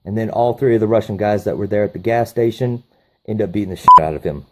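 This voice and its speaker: A man's voice: lowish voice, fast talker, very noisy. A man reviewing a movie, recapping the plot casually with profane enthusiasm.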